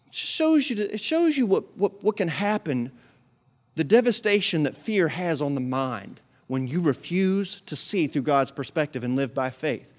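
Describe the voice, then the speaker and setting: A man's voice: fairly high pitch, big pitch swings, moderate pace. Emphatic male pastor preaching. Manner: emphatic preaching with repeated phrases and big swings in volume. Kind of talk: sermon.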